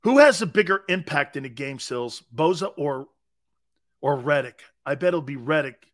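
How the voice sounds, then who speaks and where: A man's voice: fairly high pitch, lively intonation, moderate pace. A man hosting a sports talk show, chatting casually, joking and laughing as he answers viewers' comments. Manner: joking, laughing, wide swings in loudness. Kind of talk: casual chat, reading live chat.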